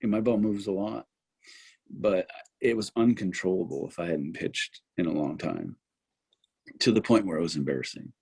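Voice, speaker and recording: A man in his fifties, a former pitcher, telling stories in a casual interview and acting out his own thoughts along the way. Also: normal speed, vocal fry, breathy edge. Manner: animated storyteller who acts out his own remembered thoughts. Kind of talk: casual anecdotal storytelling.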